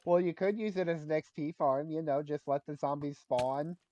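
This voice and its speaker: Guy gamer rambling trivia and dad jokes, kinda high voice, muffled dry mic. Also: moderate pace, dark tone, a little hiss or hum. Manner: chatty, rambling trivia talk with restarts and jokes. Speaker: gamer on a livestream. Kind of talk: casual gaming chat.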